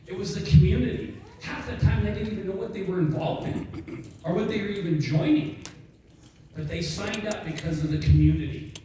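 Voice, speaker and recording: Guy pumping up a crowd at an event, high-ish voice, big echoey room, mic kinda far. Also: brisk, slight background noise. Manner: energetic storytelling, acts out dialogue. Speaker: network marketing speaker. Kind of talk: motivational stage talk. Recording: echoey hall, mic from a distance.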